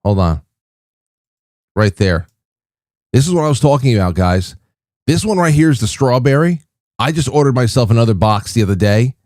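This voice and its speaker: A man's voice: mid-range voice, expressive, normal speed, long pauses, darkish tone, no echo, clean studio sound. A middle-aged man hosting a livestream, chatting casually to viewers and often repeating his words as he rambles. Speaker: livestream host.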